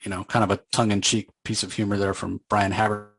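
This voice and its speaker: A man's voice: on the low side, flat delivery, fast, creaky, fairly bright tone, slightly rough, no room sound, low-quality recording. A man casually recapping a comic book story in a loose, conversational way, with plenty of fillers.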